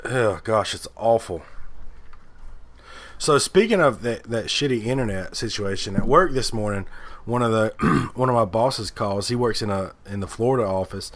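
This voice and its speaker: A man's voice: on the low side, lively intonation, moderate pace. Guy w a cold on a podcast, acting out both sides of a phone call, scratchy sore throat. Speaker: podcast co-host. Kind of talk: casual chat.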